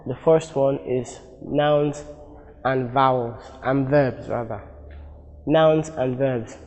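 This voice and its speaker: A man with a Nigerian accent teaching an exam-prep lesson, speaking deliberately, repeating example words for drill and correcting himself as he goes. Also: medium pitch, steady tone, a little mellow, long reverb tail, rough recording.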